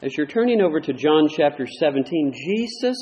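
A man preaching a sermon, moving between loud, emphatic points and quieter asides. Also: fairly high pitch, animated, brisk, echoey room. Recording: dull lo-fi recording.

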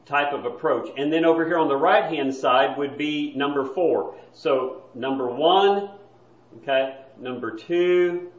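Guy teaching bible class, explains slow and repeats himself, echoey room, dull lo-fi sound. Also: mid-range voice. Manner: patient, explanatory, often repeats words. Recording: roomy, dull lo-fi recording.

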